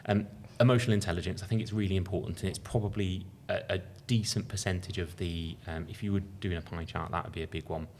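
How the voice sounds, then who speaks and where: Gravelly-voiced man with a Birmingham accent. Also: low-pitched, quick pace, hardly any pauses, a little hiss or hum. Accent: Birmingham English. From England. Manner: relaxed, thinks aloud with fillers and restarts. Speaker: company founder being interviewed. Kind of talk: casual podcast conversation.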